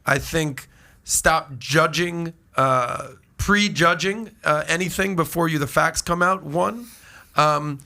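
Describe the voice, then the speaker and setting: Bright, gravelly-voiced chatty man. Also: on the high side. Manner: chatty, quick asides and rhetorical jabs. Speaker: podcast co-host. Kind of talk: casual panel discussion.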